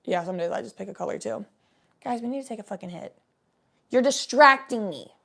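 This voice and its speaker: Gravelly-voiced young woman chatting casually. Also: a little high, lively intonation, brisk, a bit bright. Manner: rambling, swearing, laid-back chat with viewers. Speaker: livestream host. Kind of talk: casual chat.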